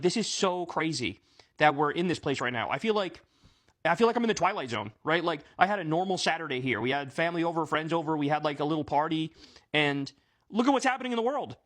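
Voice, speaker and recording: A man's voice: fairly high pitch, a bit bright. A man giving a casual, indignant political rant, using plenty of fillers and swearing, with exasperated outbursts. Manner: profane, filler-heavy. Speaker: political commentator.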